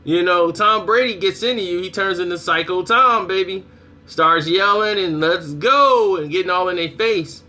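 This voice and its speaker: Brief: young adult male vlogger, casual commentary, animated delivery, bright and slightly high voice. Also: normal speed. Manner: animated storytelling, acts out reactions.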